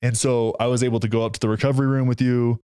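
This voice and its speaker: A man's voice: mid-range voice, flat delivery, racing, warm tone, clear, resonant tone, dry recording, studio quality. A young man and new father talking casually and emotionally, swearing as he tells a story. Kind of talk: casual conversation.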